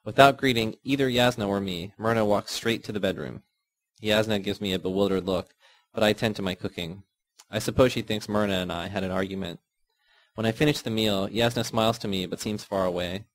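A man with a fairly low voice narrates a first-person novel. His reading is steady and measured, in the manner of an audiobook. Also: poor audio. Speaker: audiobook reader.

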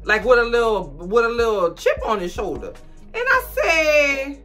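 A bright, forward-sounding woman with a Southern US accent delivers a slangy, dramatic TV recap. Her voice leaps up and drops down as she reacts, with faint music under her. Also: moderate pace. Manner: animated and dramatic, big pitch swings, slangy. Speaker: TV recap vlogger. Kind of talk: sassy casual TV recap commentary. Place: room indoors.

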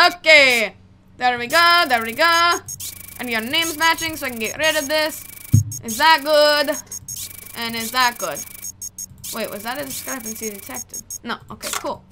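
A young woman delivers chatty, jokey let's play commentary as she games, talking straight to the characters on screen. Her voice is high-pitched, and there's noticeable noise in the background.

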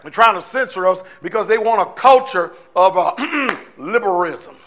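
A man preaching a sermon with a high, bright voice. He talks to the congregation in a fiery, conversational style and keeps throwing out rhetorical questions. His delivery is forceful and plainspoken. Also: expressive, moderate pace. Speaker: pastor.

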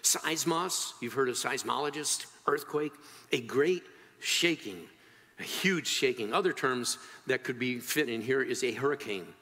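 A male pastor preaching a sermon, telling the story with animated swings between loud, high moments and quiet, low ones. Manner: animated storytelling with wide swings in pitch and loudness. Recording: long hall reverb.

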